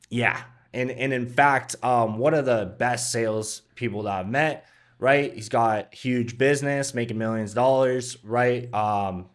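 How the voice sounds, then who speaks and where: A man giving casual commentary on a sales training video. He speaks at a middle pitch and closes point after point with "right?", with "um"s throughout. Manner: leans on "right?" and frequent "um". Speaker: sales coach reacting to a video.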